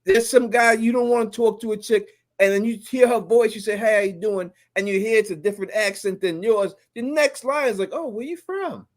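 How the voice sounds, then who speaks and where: A man co-hosting a live stream in casual chat, animated and slangy, laughing often. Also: sits high, a little fast, few pauses.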